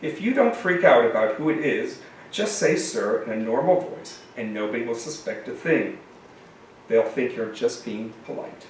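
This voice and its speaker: A man reading aloud and voicing a menacing macho man in leather who speaks in a high, effeminate, mean voice. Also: lively intonation, moderate pace, slight background noise, close to an everyday voice. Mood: confiding. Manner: stern, mean, commanding. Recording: echoey room from a distance.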